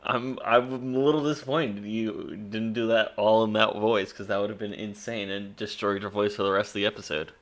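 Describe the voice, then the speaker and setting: A man's voice: fairly low pitch, steady tone, normal speed, few pauses. A man co-hosting a podcast, chatting in an amused, laid-back way. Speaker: podcast co-host. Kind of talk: casual chat.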